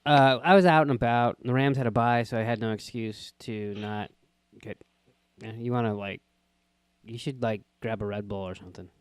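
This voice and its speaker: Smooth-voiced man in casual sports banter. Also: medium pitch, steady tone, dry recording. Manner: profane, joking, quick back-and-forth. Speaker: podcast co-host.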